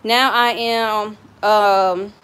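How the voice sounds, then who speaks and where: A woman's voice: mid-range voice, fairly even intonation, extremely slow, fairly bright tone, clean tone. A young adult woman with a Southern US accent, chatting casually and frankly while cooking in her home kitchen, telling stories and swearing freely. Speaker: cooking vlogger.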